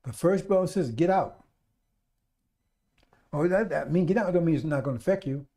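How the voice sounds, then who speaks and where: A man's voice: a little high, fast, mellow. A man preaching a radio sermon, emphatic and repetitive, speaking straight to his listeners.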